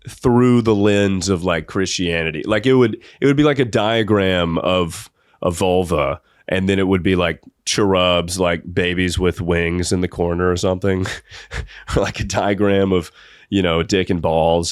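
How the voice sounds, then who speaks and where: A man's voice: sits low, dry recording, clean studio sound. A young man hosting a podcast, telling a comedic story in a rambling way and often laughing through it. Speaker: podcast host.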